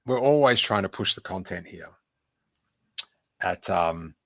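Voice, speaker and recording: A man's voice: low voice, expressive, a little slow, no echo, clean studio sound. A man hosting a livestream podcast in a casual, playful, rambling chat. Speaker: podcast host.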